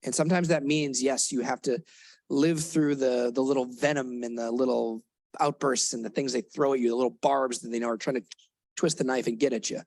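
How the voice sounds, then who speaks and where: A man's voice: mid-range voice, steady tone, fairly quick, vocal fry, a little mellow, no echo. A man speaking as a therapist in a live workshop for parents, earnest and conversational, now and then acting out what kids and parents say. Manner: earnest, conversational, acts out kid and parent lines. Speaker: therapist giving a parenting talk. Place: lecture room with an audience.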